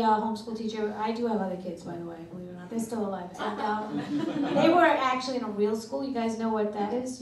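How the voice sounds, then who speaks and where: A middle-aged woman doing a stand-up comedy routine, delivering brash, deadpan one-liners in a comedy club. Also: a little high. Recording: echoey club from far off with noise.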